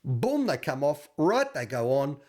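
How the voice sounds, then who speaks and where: An Australian man co-hosting a podcast, telling animated anecdotes in casual chat with frequent stammered restarts. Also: on the high side, unhurried. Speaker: podcast co-host.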